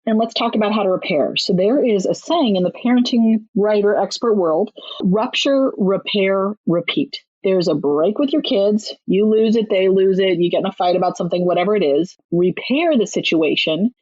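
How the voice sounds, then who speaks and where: A woman with a husky, slightly breathy voice talks frankly and briskly about parenting, laughing easily as she makes her points. The sound is dry and close, with a dull, lo-fi tone. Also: medium pitch, darkish tone, no echo. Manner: candid, brisk and down-to-earth, with frequent laughs. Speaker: parenting author and guest. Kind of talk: conversational advice in a podcast interview.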